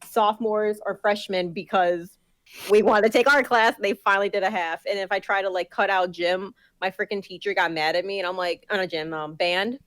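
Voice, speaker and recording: A woman's voice: medium pitch, fairly even intonation, a little fast, fairly bright tone, no echo. A young woman in casual chat as a podcast co-host, telling a story full of swearing and acting out the people she quotes.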